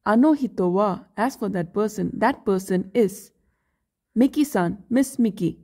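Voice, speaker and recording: Female teacher, unhurried and mellow, reading a careful lesson script. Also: mid-range voice, lively intonation. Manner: slow, careful explanations with example phrases. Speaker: Japanese language teacher.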